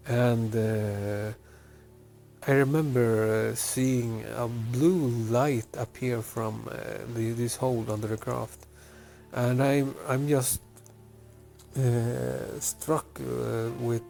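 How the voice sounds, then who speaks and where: A man from Chile telling a personal story with many pauses, fillers and restarts. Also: medium pitch, vocal fry, warm tone. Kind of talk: personal story told to camera.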